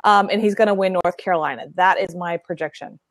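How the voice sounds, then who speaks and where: A woman's voice: lowish voice, quick pace, no room sound, rough recording. Outspoken Texan woman, dry close sound. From Texas. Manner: outspoken and animated, jumps in. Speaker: panelist. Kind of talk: casual political chat.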